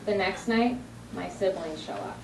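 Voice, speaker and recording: A woman from New Jersey doing a stand-up comedy set, telling animated stories with sudden high-pitched punchlines. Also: moderate pace, creaky, distant mic, slight background noise. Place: comedy club stage. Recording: echoey club recording from afar, with crowd laughter.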